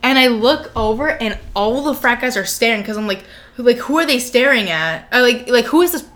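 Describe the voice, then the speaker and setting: A young woman in her twenties, co-hosting a casual chat and telling stories in an animated, laughing way. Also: fairly high pitch, fairly quick. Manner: animated, laughing, acts out quotes. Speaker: podcast co-host.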